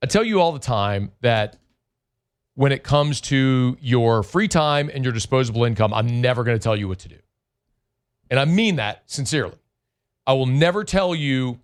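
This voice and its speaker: A middle-aged man hosting sports talk radio in a blunt, conversational monologue, stretching words for emphasis into a studio mic. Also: medium pitch. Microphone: studio microphone.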